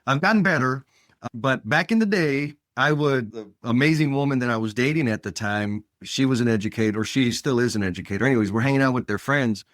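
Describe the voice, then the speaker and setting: A man hosts a casual podcast chat, blunt and emphatic as he tells his stories. His voice sits at an ordinary middle pitch. The sound is close and dry, with no room echo. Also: brisk, fairly bright tone. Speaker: podcast host.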